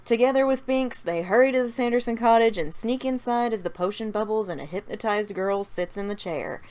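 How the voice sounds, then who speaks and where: A woman's voice: fairly high pitch, brisk, a little mellow. A woman casually narrating a fan-made story idea, with chatty asides to her viewers.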